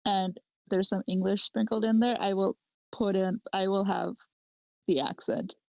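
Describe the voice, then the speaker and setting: A woman's voice: mid-range voice, fairly even intonation, unhurried, gravelly, no echo, highs cut off. A woman speaking standard American English, co-hosting a podcast and explaining herself in a thoughtful, rambling way. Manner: thoughtful, rambling with fillers and restarts. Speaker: podcast co-host. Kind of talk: casual chat.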